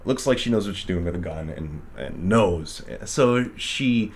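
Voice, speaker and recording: A man casually retells a film's plot in a rambling recap chat, filled with fillers, often acting out the characters' lines. His voice is deep and expressive, a little slow, with a slight hiss or hum in the audio.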